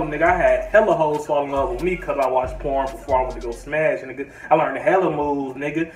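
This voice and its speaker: A man telling a crude, slangy story-time tale to his vlog audience with a swaggering manner. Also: a little high. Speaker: vlogger. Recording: roomy, from a distance, faint music.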